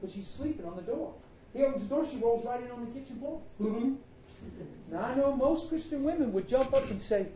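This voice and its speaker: Male preacher, emphatic sermon, high voice, echoey hall, muffled sound, faint hiss. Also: brisk. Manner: emphatic, animated, calls out to the congregation.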